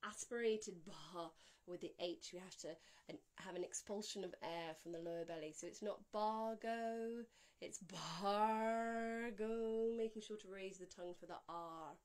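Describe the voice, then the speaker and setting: A woman teaching how to pronounce a Sanskrit mantra, explaining calmly and clearly. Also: lowish voice. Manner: calm, explanatory, slowing to a drawn-out chant on each Sanskrit word. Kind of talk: spoken pronunciation lesson with chanted examples.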